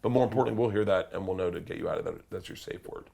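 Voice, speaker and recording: A man, an interview guest, telling a story in a loud, excitable way, swearing and breaking into shouted quotes. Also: low voice, rapid-fire, gravelly. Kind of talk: animated storytelling.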